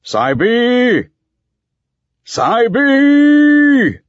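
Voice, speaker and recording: An ancient master librarian, towering and solemn, intones every word slowly in a low, husky voice, as a male narrator gives him voice. The storybook reading is dry and slightly muffled. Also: big pitch swings, no room sound, heavily acted. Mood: calling out. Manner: slow, grave, intoning.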